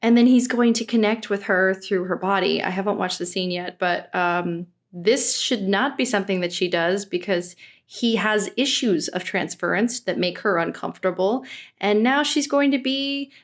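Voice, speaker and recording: Brief: young woman vlogger, middle-pitched voice, sarcastic and exasperated reacting to a show. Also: moderate pace. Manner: exasperated, sarcastic, outspoken with swearing. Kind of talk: casual reaction commentary.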